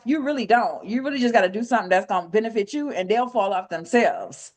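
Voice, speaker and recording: A woman's voice: medium pitch, fast, hardly any pauses. Slangy, chatty woman teaching trading. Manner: loose, slangy and chatty, swears freely; animated when retelling stories, voice jumps up. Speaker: trading mentor. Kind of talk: casual teaching session on a call.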